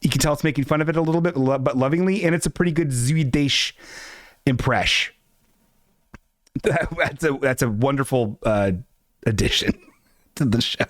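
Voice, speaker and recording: A man hosting a casual livestream, talking in a rambling, profane, self-mocking way. His voice sits at an ordinary pitch and sounds close and dry. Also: moderate pace, long pauses, no room sound. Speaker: live show host.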